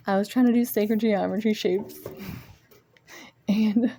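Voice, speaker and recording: A woman's voice: mid-range voice, fairly even intonation, moderate pace, vocal fry, dark tone. A woman venting in a casual monologue to viewers, rambling and swearing often, with self-mocking laughs, recorded on a phone propped up at home among her art supplies. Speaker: vlogger. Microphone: phone propped nearby.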